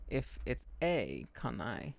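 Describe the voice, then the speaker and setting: A man streaming his language study, slowly repeating verb forms and muttering to himself at a desk mic. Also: medium pitch, huge pitch swings, vocal fry. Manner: slow, repetitive drilling of words, muttering to himself. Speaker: VTuber streamer studying Japanese.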